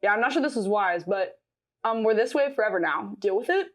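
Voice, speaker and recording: A woman's voice: mid-range voice, lively intonation, a little fast. A young woman co-hosting a podcast in casual chat, teasing and giggly. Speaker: podcast co-host.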